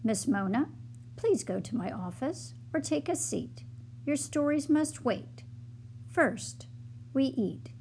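A woman's voice: high voice, animated, takes it slowly, a little mellow, a little hiss or hum, voice pushed up, exaggerated voice. A woman voicing a stern male badger who runs a hotel in a storybook, speaking in a commanding way.

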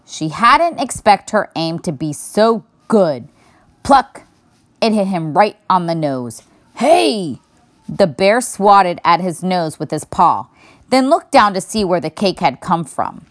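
Female reader, slow and animated, storybook narration. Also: fairly low pitch, no echo, clean studio sound. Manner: expressive storytelling, varying her voice for each character. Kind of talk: children's book read-aloud.

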